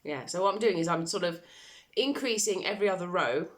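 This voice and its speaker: A woman's voice: fairly low pitch, expressive, a little fast. An English woman chatting casually in a vlog, affectionate and bubbly, often laughing as she talks. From England. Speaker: vlogger.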